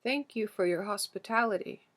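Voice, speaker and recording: A woman reading the part of an aged, grieving king, speaking slowly and humbly with a foreign accent. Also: mid-range voice, pitched above the performer's own voice, lightly acted. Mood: pleading. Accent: foreign-accented speech as the figure. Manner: slow, careful pleading speech. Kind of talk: audiobook character reading.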